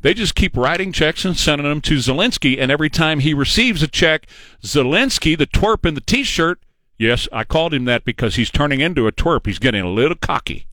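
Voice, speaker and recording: Man, fairly high voice, dry close sound, emphatic sarcastic political commentator, hammers points by repetition. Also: animated, a little fast, pushed and bright, no echo. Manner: emphatic, sarcastic, repeats phrases for effect. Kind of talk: opinionated political monologue.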